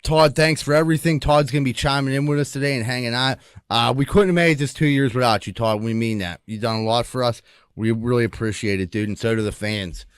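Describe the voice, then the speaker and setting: A man's voice: mid-range voice, quick pace, clear, resonant tone, no echo. Rowdy, laughing man in a dry room. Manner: laughing, crude, joking. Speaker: podcast host. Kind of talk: casual banter.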